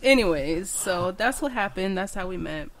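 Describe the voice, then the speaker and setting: A young woman from Washington State, a podcast guest telling stories in an animated, frank way during a casual chat. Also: mid-range voice, moderate pace. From Washington State, USA.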